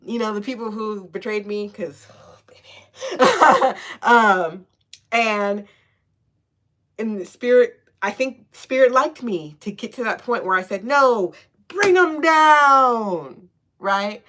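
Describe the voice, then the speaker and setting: A woman's voice: medium pitch, takes it slowly, fairly bright tone. Sassy, slangy woman giving a tarot reading. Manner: sassy, slangy and profane, with frequent "okay?" and laughs; encouraging and affirming. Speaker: tarot reader. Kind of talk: casual spiritual tarot reading.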